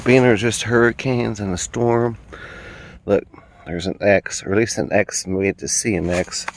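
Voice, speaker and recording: A man's voice: lowish voice, fairly even intonation, moderate pace, slight background noise. Man rambling in the woods. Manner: rambling, musing. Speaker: vlogger. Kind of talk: casual outdoor vlog. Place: woods outdoors.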